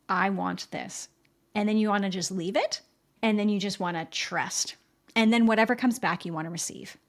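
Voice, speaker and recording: A woman hosting her own podcast, talking candidly to listeners and often checking in with them. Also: medium pitch. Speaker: podcast host. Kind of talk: candid solo podcast talk. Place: home in a rainy city.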